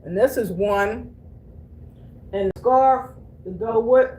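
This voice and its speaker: A woman's voice: a little high, slow pace, pauses often, mellow, husky. An older woman from Delaware chatting casually to camera as a vlogger. She calls her viewers honey and baby and laughs easily while telling stories. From Delaware, USA.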